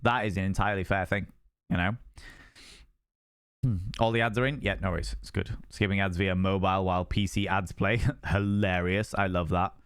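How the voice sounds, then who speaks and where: Chatty guy streaming games, lowish voice, dry close sound. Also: steady tone, normal speed, clean tone, no echo. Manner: rambling and chatty, repeating phrases. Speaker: game streamer. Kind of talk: casual live-stream chat with viewers.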